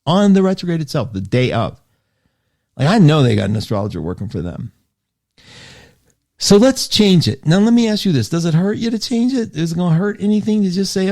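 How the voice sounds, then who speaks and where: A man's voice: sits high, a little fast. Chatty man hosting a live astrology radio show. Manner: chatty, animated, self-interrupting; reads listener comments aloud. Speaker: host.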